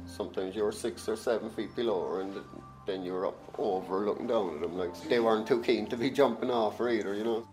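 A man's voice: fairly low pitch, fairly quick, hardly any pauses, over music, poor audio. A man, a lifeboat crewman, talking in a casual, conversational way. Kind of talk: interview.

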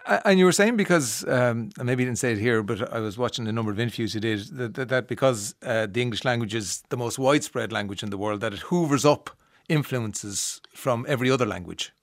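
A man's voice: medium pitch, expressive, fairly quick, no echo, studio quality. A man from the Irish Midlands hosting an interview in a chatty, restart-filled way. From Ireland. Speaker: host. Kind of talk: casual interview chat.

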